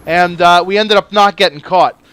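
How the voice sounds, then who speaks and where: A man's voice: high-pitched, normal speed, clear, resonant tone. A young man swearing his way through a casual story while commenting on his own gameplay. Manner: profane, swears constantly; animated, jokey. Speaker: gaming channel host.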